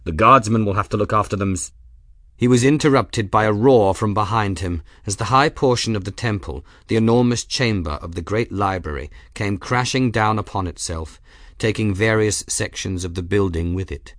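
A man narrating an audiobook chapter in a steady, even storytelling manner. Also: fairly low pitch, moderate pace, no room sound, clean studio sound. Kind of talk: scripted narration.

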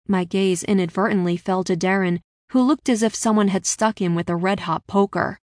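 A woman reads a first-person story as an audiobook narrator, keeping her storytelling even and steady. Her voice sits in a middle range and is recorded dry and close, with no room echo. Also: medium pitch.

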